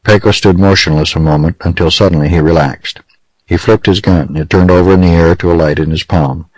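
Very deep-voiced male audiobook narrator. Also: steady tone, brisk, a little mellow, no room sound, rough recording.

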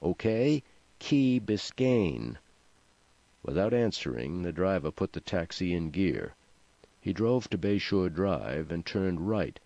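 Deep-voiced male audiobook narrator. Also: a little slow, no echo, lo-fi sound. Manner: dry, even comic reading with voiced characters. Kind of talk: scripted narration.

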